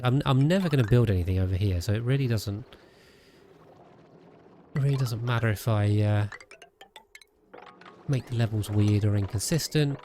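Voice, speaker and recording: A man with a lowish voice chats his way through a game stream, speaking casually into a desk mic. He thinks aloud, restarting and trailing off as he plays. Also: dark tone, a little hiss or hum. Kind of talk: casual gameplay commentary.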